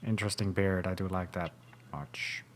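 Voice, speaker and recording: A man's voice: low voice, fairly even intonation, moderate pace. A man commentating a video game playthrough, making mocking jokes in a theatrical way. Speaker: gaming channel host. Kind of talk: let's play commentary.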